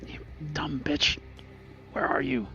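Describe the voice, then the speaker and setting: A man's voice: a little high, fairly even intonation, slow, vocal fry, pushed and bright, in a whisper, dull audio, soft background music, voice pushed up, exaggerated voice. A man voicing a blinded, furious woman who snarls curses and threats. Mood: enraged. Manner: snarling, profane.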